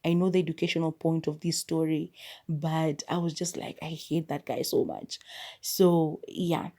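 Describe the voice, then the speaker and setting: A young woman with a fairly low, mellow voice. She talks through a movie review in a casual, chatty way and tells the story expressively as a podcast host. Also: fairly even intonation, normal speed. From Kenya.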